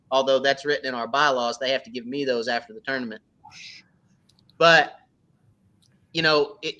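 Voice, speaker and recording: A man from the United States who runs a fishing club, telling stories in a casual chat and acting out what others said. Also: medium pitch. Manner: storytelling, animated when quoting others. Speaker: crappie club organizer.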